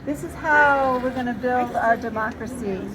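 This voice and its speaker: A woman leading an outdoor vigil, talking slowly and encouraging the crowd to speak. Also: a little high, low-quality recording. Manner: slow, encouraging, prompting speakers. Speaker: vigil facilitator. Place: outdoor town square vigil. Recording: crowd and loud street noise outdoors.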